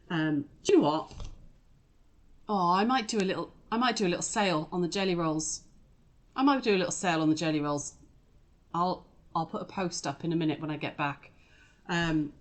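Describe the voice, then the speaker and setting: A woman hosting a casual live quilting demonstration, chatty and rambling as she talks straight to her viewers. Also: lowish voice. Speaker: quilting shop host.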